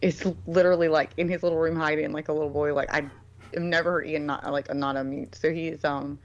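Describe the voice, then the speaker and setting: A woman's voice: low-pitched, little pitch movement, a little fast, muffled recording. A woman in casual conversation, telling stories in a loose, rambling way with many fillers. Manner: chatty storytelling with lots of fillers. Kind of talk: casual chat.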